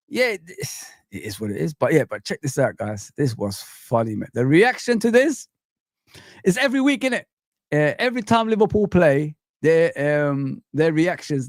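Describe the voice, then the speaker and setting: A man hosting a live football stream, chatting in a laid-back, slangy way and shouting out his viewers. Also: mid-range voice, dry recording, studio quality. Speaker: football channel host. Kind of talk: casual live-stream commentary.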